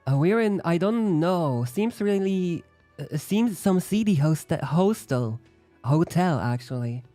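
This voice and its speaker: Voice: medium pitch, expressive, slow, warm tone, no echo, faint music behind. A streamer giving casual, joking, chatty commentary while playing a game.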